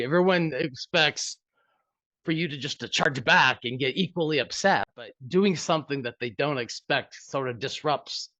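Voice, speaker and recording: A man's voice: medium pitch, pushed and bright, no room sound, muffled recording. A man sharing a lesson on a training call, earnest and emphatic on key phrases.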